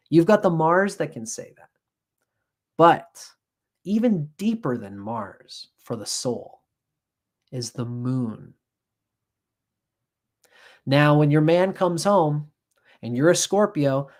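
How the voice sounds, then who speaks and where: A man's voice: a little high, slow, pauses often. Blunt, profane male astrologer. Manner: blunt, profane, animated, acts out voices. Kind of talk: live-stream astrology reading.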